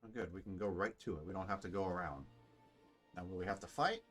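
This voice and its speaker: A man's voice: sits low, quick pace, faint music behind. A man casually commenting while playing a story game and reading its dialogue aloud.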